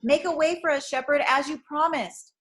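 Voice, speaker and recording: A woman's voice: steady tone, normal speed, fairly bright tone. A woman doing a frightened, pleading young woman. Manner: high, pleading, tearful cries.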